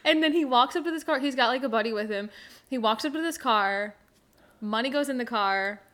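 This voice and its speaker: A young woman with a somewhat high voice tells a story in casual conversation. She laughs often as she talks and leans on "like" as a filler. She sounds like a relaxed podcast host. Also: fairly quick. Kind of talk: casual chat.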